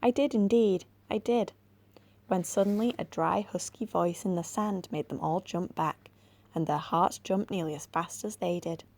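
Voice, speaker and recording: An English woman reads a children's storybook aloud in a gentle, measured way. Her voice is low and carries a gravelly texture. The tone is warm and mellow. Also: steady tone. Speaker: library assistant.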